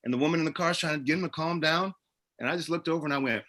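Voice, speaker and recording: A man's voice: fairly high pitch, rapid-fire. A middle-aged actor and producer, a man, telling stories as a guest in a casual interview and acting out the people in them. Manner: animated, acts out the people in his stories.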